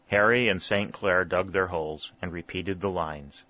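A man narrates a historical novel in a steady, measured reading. His voice is deep with a bright edge, recorded close and dry. The sound is dull and lo-fi. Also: dry recording. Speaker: audiobook narrator. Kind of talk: scripted narration.

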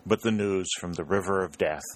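A man reading a history narration aloud in a measured, solemn storytelling manner. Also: low-pitched. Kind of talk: scripted narration.

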